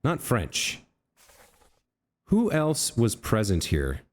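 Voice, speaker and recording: A man with a fairly low voice that rises and falls a lot, musing aloud as he plays through a game. He corrects himself mid-sentence and talks straight to the characters on his screen. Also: huge pitch swings, extremely slow. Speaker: let's play host. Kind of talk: thinking aloud while gaming.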